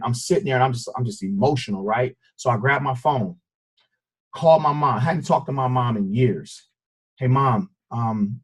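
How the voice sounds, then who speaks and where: Husky man, earnest personal testimony. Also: medium pitch, a little mellow. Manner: earnest, intense storytelling. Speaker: guest speaker. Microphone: conference call.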